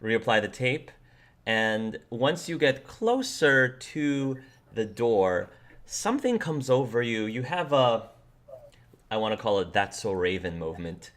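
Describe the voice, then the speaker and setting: A man's voice: mid-range voice, big pitch swings, takes it slowly, a bit bright. A man acting as game master, narrating scenes loosely and descriptively, with frequent restarts.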